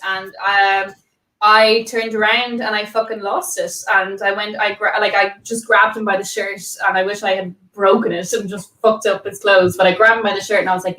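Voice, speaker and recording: A woman's voice: mid-range voice, a bit bright. Young woman, co-host, chatty rambling storyteller, sounds distant and roomy. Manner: rambling, lots of fillers and swearing. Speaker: podcast co-host. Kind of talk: casual chat, storytelling.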